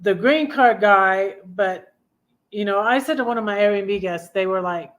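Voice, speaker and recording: Speaking at a measured pace in a mid-range voice, a woman in her fifties hosts a livestream of casual personal storytelling. She rambles in a confiding tone and keeps correcting herself.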